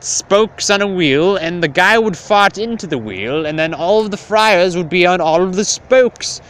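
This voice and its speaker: A man voicing an eager, clever young servant boy, excited and inventive. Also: high voice, measured pace, clear, resonant tone, pitched above the performer's own voice, low-quality recording.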